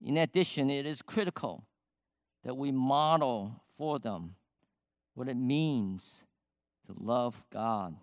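An older man delivers a sermon at a slow, deliberate pace, lifting his voice for emphasis. His voice sits mid-range and sounds dry and close, with no room echo. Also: medium pitch, animated. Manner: slow, measured preaching with emphatic rises. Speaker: pastor.

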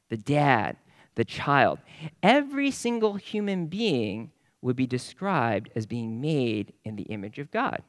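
A man preaching a sermon in an emphatic, animated way, repeating phrases in lists and building to points. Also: on the high side, no room sound, clean studio sound.

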